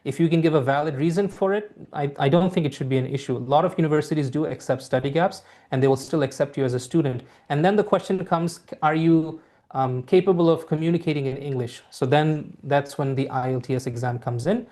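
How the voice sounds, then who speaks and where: A young man from Bangladesh whose first language is Bangla teaches a live online English class through a laptop mic. He talks fast in a fairly high, mellow voice, with a mostly American accent carrying some Bengali sounds. He's friendly but hesitant, using lots of fillers.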